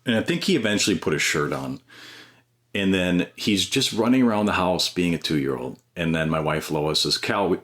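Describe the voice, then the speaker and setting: A man, a guest on a podcast who is a stay-at-home dad and former teacher, telling personal stories in an earnest, animated way with frequent restarts. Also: sits low, moderate pace. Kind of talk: personal storytelling in an interview.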